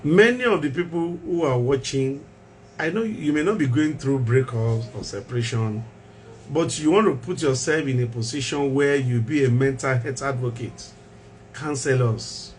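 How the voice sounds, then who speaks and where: A man's voice: mid-range voice, moderate pace, slight background noise. A man hosting a mental health talk show as a doctor, speaking emphatically, repeating key phrases and asking rhetorical questions.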